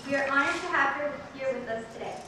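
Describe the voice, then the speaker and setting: A woman's voice: high-pitched, fast talker. A woman serving as emcee, reading formal introductions and announcements carefully, sometimes stumbling on words. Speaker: student officer emcee. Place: large convention hall. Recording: echoey hall from far off, noisy.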